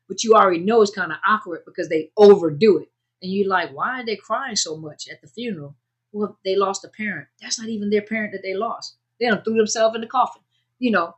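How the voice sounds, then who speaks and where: A woman's voice: fairly low pitch, fairly bright tone, breathy edge. A woman hosting a casual advice talk, speaking conversationally, repeating her points and addressing her audience directly. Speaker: host giving advice on narcissistic abuse. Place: indoors, under a bright light.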